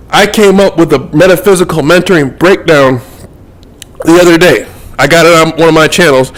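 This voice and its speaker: Man, fairly high voice, casual monologue, rambling, repeats himself mid-thought. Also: rough recording. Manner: rambling, repeats words while thinking. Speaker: metaphysical mentor.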